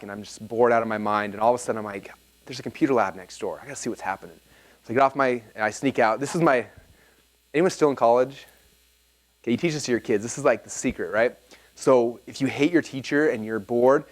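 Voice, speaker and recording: A man speaks quickly to a live room, telling a story with animated energy. He slips into the voices of the people in his story, and his pitch sits in a middle range. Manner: animated, acts out quoted dialogue. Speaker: speaker at a seminar. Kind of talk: storytelling talk to a live audience.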